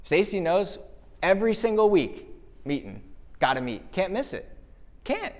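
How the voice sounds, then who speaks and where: A man with a fairly high voice delivers a live motivational keynote, punchy and energetic. He keeps throwing rhetorical questions at the crowd and answering them himself. It is a speech from an event venue. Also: measured pace. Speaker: motivational speaker.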